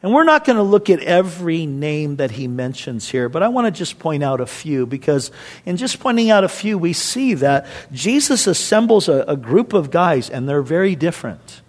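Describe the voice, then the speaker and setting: A man's voice: fairly high pitch, very animated, moderate pace. A man as pastor, giving a conversational, storytelling sermon to a church. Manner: conversational, storytelling, acts out quoted voices.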